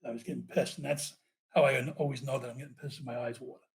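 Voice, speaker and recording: A man, a former police officer, telling his story as a podcast guest in a profane, animated way. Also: mid-range voice, fast, vocal fry. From United States.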